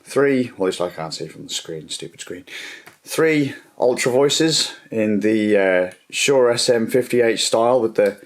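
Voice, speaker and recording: A man's voice: fairly low pitch, lively intonation, a little slow. A man rambling casually and swearing as he laughs at himself over lost gear at home. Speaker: livestreamer.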